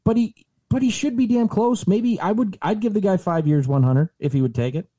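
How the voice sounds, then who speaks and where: Mellow-voiced man ranting about sports. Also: high voice, fairly quick, no echo. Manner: animated, exasperated, swearing. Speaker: podcast co-host. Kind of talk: casual sports chat.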